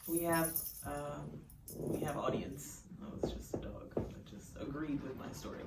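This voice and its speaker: A woman's voice: low voice, steady tone, a little slow, creaky, music in the background. A woman casually narrating her own story in a chatty, rambling way. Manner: chatty, filler-heavy. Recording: roomy, distant mic.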